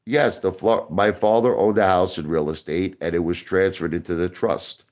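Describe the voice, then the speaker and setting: Deep-voiced man talking defensively to viewers. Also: steady tone, moderate pace, a little mellow. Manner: defensive, repeats words and restarts. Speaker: online show host. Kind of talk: casual livestream talk to viewers.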